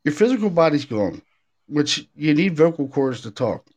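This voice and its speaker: Guy hosting a paranormal chat, rambling and animated, lots of uhs. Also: fairly high pitch, moderate pace. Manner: animated storyteller, many fillers and restarts. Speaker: podcast host, paranormal investigator. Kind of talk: casual chat.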